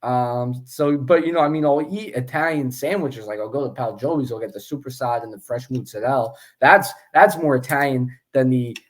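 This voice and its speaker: A man's voice: medium pitch, moderate pace, few pauses. A man co-hosting a casual sports podcast, chatty and joking, with many fillers and restarts. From Philadelphia area. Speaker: podcast co-host.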